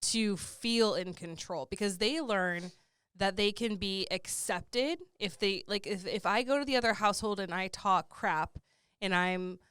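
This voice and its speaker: A woman's voice: medium pitch, measured pace, fairly bright tone, smooth, dry recording, studio quality. A woman co-hosting a podcast and working as a coach, explaining things in a casual, conversational way with many fillers.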